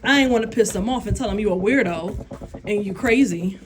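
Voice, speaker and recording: A woman's voice: mid-range voice, fairly quick, a little hiss or hum. A young adult woman chatting casually on her vlog, blunt and profane, laughing often as she answers questions. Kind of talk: casual chat.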